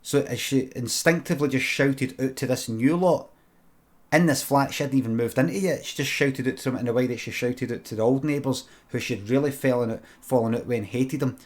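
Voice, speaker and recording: A man's voice: medium pitch, fairly quick. A Scottish man improvising a comic story, rambling and swearing freely as he digresses. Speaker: streamer.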